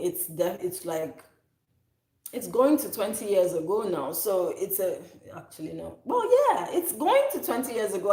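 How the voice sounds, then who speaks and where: A woman's voice: medium pitch, darkish tone. Chatty, rambling woman in her thirties. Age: 30s. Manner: chatty, rambling, self-correcting. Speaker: soap maker, channel host. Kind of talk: casual chat. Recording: echoey room.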